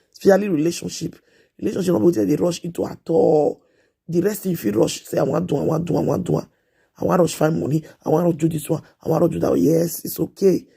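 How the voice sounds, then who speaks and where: A Nigerian woman in her thirties talks to her live stream viewers in a casual, earnest way, coming back again and again to the same plea. Her voice is husky and mellow, with a gravelly edge that comes and goes. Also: fairly low pitch. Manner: repetitive, pleading, earnest. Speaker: live streamer giving advice.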